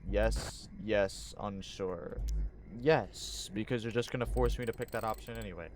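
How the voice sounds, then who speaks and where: A man's voice: on the low side, unhurried, darkish tone, a little hiss or hum. A young man streaming a horror game, reacting with frequent swearing and laughs between lines. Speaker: gaming streamer. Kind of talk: casual gaming commentary.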